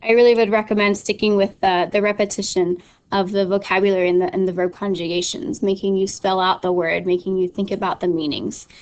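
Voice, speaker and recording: A woman's voice: mid-range voice, level tone, fairly quick, darkish tone, highs cut off. A young adult woman teacher explaining an online study tool step by step, casual and instructive with frequent ums and restarts. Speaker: Spanish teacher. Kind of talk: screen-recorded tutorial walkthrough.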